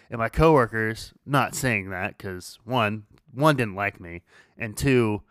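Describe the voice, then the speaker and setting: A man's voice: mid-range voice, unhurried, fairly bright tone, dry recording, studio quality. A man hosting a podcast, casually telling a story, swearing freely and laughing as he goes. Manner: laid-back, swears freely, laughs through his story. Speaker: podcast host.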